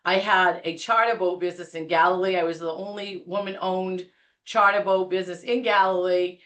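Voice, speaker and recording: A woman in her fifties with a New England accent, a guest telling stories on a podcast in a lively, laughing way. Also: on the low side, moderate pace. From Rhode Island, USA. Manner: animated, laughing storyteller. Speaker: guest realtor. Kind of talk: casual podcast storytelling.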